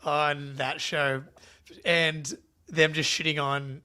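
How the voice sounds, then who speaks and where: A man co-hosting a casual live stream, excitable and laughing often, quick to apologize. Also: fairly high pitch, clear, resonant tone. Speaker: podcast co-host.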